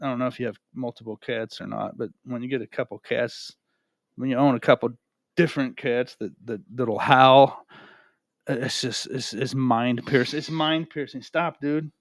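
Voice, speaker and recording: A man's voice: medium pitch, steady tone, moderate pace, no echo, studio quality. A man giving casual, rambling talk to camera from home, often asking "right?" and repeating himself. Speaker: crypto video host. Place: home room with a cat.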